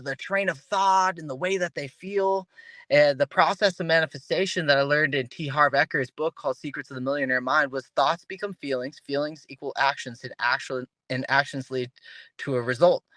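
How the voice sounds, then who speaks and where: Animated bright-voiced man talking fast. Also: fairly high pitch, no echo. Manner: animated, restarts sentences, acts out quoted voices. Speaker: podcast guest, fighter. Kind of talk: casual interview talk.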